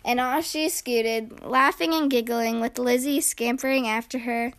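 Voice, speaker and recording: A woman reading a children's picture book aloud in a slow, gentle, expressive way. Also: a little high. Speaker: storyteller.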